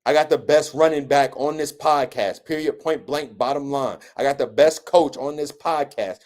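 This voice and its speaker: A man's voice: a little high, moderate pace, darkish tone. A young man hosting a podcast, boasting emphatically about his football team in a sports debate. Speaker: podcast host.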